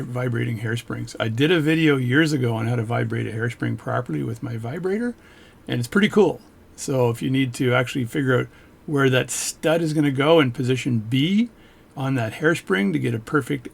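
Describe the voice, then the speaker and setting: Gravelly, husky man chatting casually about watch repair, drifting off on tangents and joking as he goes. His tone stays loose and unpolished. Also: medium pitch. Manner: rambling, self-interrupting, joking asides. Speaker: watchmaker reviewing a book. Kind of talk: casual talk on camera.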